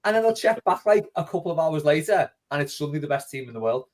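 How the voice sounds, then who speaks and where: A man hosting a casual fan podcast, animated and swearing freely as he chats. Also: a little high, fast talker. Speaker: podcast host. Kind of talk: casual chat.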